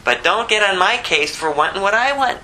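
A man preaching a conversational sermon, asking rhetorical questions and dropping low to act out quotes. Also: expressive, fairly quick, bright, forceful tone, slight background noise, low-quality recording. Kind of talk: expository sermon.

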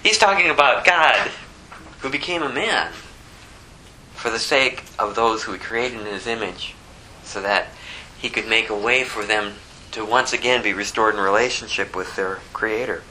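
Guy preaching a sermon, really bright edgy voice, gets loud then drops way down quiet, bit of hiss. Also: moderate pace, rough recording. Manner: expository preaching, swinging between loud emphatic peaks and low quiet asides. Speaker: pastor.

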